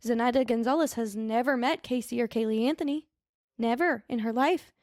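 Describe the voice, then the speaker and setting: A woman's voice: on the high side, fairly quick, a little mellow, no room sound, studio quality. A woman co-hosting a podcast, telling a true-crime story in a chatty, casual way and often stopping to correct herself when she mixes up names. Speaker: podcast co-host.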